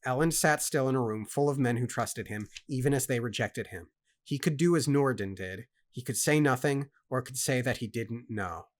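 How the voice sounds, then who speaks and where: A man's voice: medium pitch, normal speed. Emphatic man reading and chatting. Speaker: co-host reading a book aloud. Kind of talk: casual book club chat and reading aloud.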